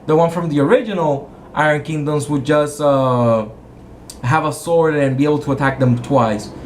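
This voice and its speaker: A man's voice: fairly high pitch, moderate pace, slight background noise. A man game master casually retelling a tabletop game session, rambling and correcting himself as he goes and acting out the characters' quotes. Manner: rambling, self-correcting storyteller who acts out quotes.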